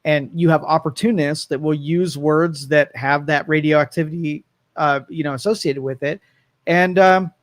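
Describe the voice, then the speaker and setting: Opinionated man co-host, higher voice. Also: fairly even intonation, normal speed, no echo. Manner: opinionated, rambling rhetorical questions. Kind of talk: casual talk radio chat. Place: radio studio.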